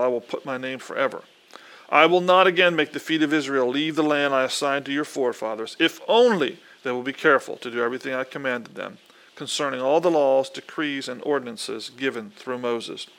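A man preaching a sermon, reading scripture aloud, leading a prayer and telling the story in earnest, animated quoted dialogue. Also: medium pitch.

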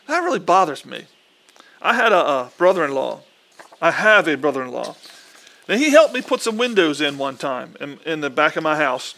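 A man, speaking in a fairly high, bright voice. He reads scripture and then preaches earnestly and conversationally, stumbling and restarting as he builds emphasis. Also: very animated, normal speed, gravelly. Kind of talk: Bible reading and informal sermon.

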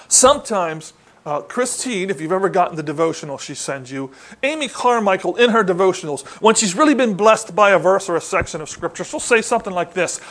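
A man preaching a sermon in a chatty, conversational way, often asking the congregation questions. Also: brisk. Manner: conversational, asks the congregation questions, lively rises in pitch.

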